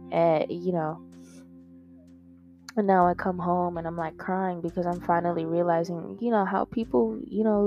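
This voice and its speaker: Her voice is on the low side, with a dark tone. The young podcast host speaks into a microphone in a rambling, candid confessional style, using many fillers and some swearing. Faint guitar music can be heard through the dull lo-fi audio.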